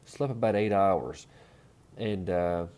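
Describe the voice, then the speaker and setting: A man's voice: sits low, slow, darkish tone. A man, easygoing and full of fillers, telling trail stories as a casual voice-over recap. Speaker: thru-hiker vlogger.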